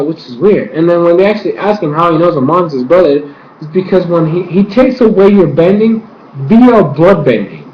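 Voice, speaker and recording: Man, casual episode reviewer, rambly and slangy, slightly high voice, muffled roomy recording. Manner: rambling, lots of filler swearing. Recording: echoey room, muffled, faint hiss.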